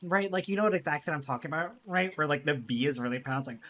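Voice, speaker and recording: A woman's voice: low voice, quick pace, fairly bright tone. A woman streamer giving casual, rambling commentary while playing a game, giggling often and swearing freely.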